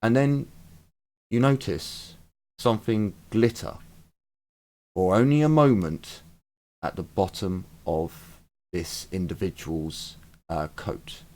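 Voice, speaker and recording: Slow-talking man running a tabletop game. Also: sits low. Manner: relaxed, halting, with fillers and restarts. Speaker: game master.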